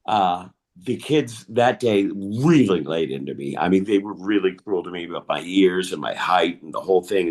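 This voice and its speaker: A man in his fifties doing stand-up, telling a personal story in a confiding, animated way over a home mic on a video call. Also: fairly low pitch. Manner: confiding, animated storyteller who admits to nerves. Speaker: stand-up comedian.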